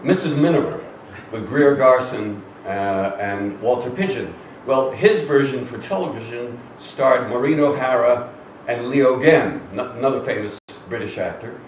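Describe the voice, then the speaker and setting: Speaking a little slowly at medium pitch, an older man, an actor, is interviewed on stage before a live cinema audience. He chats through anecdotes self-deprecatingly, with fillers and restarts. A distant mic captures the roomy hall and faint noise.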